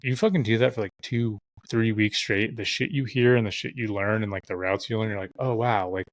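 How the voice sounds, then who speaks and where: A man's voice: lowish voice, steady tone, brisk, dry recording. A man guesting on a podcast, telling stories in a loose, profane way with lots of fillers. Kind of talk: casual storytelling chat.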